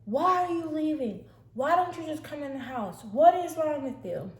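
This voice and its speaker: A woman voicing a frantic, tearful adult sister who pleads and yells in a high, shrill, loud voice. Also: lively intonation, moderate pace. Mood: yelling. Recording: echoey room, faint hiss.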